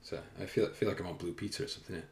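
A man with a deep, low voice talks casually into the camera for his own podcast. He rambles, full of fillers and self-conscious asides, with some swearing. The room around him is echoey and hollow. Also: fairly even intonation, racing. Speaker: fitness coach and podcast host. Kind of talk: casual solo podcast chat. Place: room indoors, filming himself. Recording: roomy echo.

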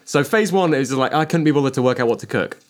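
A man's voice: medium pitch, lively intonation, fast talker. A man, joking around in a casual comedic podcast chat. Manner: playful, acts out silly voices in quotes.

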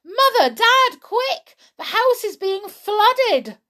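A woman's voice: sing-song, slow, heavily acted. A woman voicing startled young children calling out in alarm in a storybook reading. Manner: shrill, alarmed.

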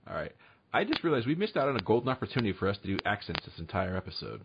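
A man hosting a podcast in casual chat, briskly calling on the others in turn. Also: lowish voice, very animated, noisy background. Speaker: podcast host. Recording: slightly dull recording.

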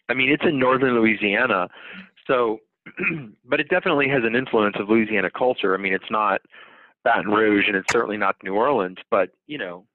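A man's voice: fairly low pitch, no room sound. Male podcast co-host, folksy rambler, thin phone-band sound. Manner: rambling, folksy storytelling with drawled asides. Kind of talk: casual podcast chat. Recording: dry, tinny phone-like audio.

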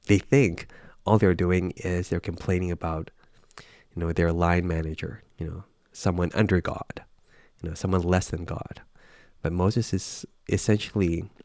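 Deep-voiced guy chatting through a bible passage, lots of ums and restarts, dry close sound. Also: darkish tone, dry recording. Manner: thoughtful, unhurried, many fillers and restarts. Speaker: Bible reader. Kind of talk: casual Bible reflection.

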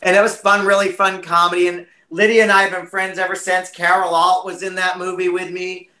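Brief: American man, chatty interview guest, high and bright, roomy echo. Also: brisk. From United States. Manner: chatty and animated, many fillers. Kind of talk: casual interview chat.

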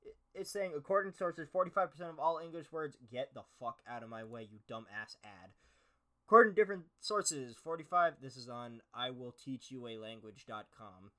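A man's voice: medium pitch, lively intonation, brisk, sharp tone. A man hosting a solo podcast, reading aloud and reacting with sarcastic, profane, mock-outraged commentary. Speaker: podcast host.

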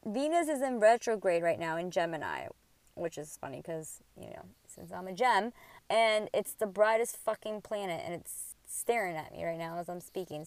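A woman's voice: on the low side, clean tone, no room sound. A woman in her thirties hosting a casual spiritual podcast, talking candidly and rambling, swearing freely, recorded at home. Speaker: podcast host. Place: at home by a window.

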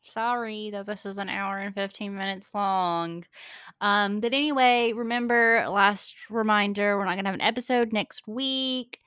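A woman's voice: mid-range voice, steady tone, moderate pace, a bit bright, clear, resonant tone. A woman co-hosting a podcast in casual chat who laughs easily. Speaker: podcast co-host.

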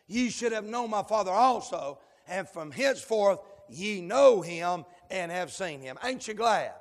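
Man, preacher, high voice, fiery sermon, rhythmic amens, shouted whoops, long church reverb. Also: expressive, unhurried. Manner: rhythmic cadences punctuated with amen.

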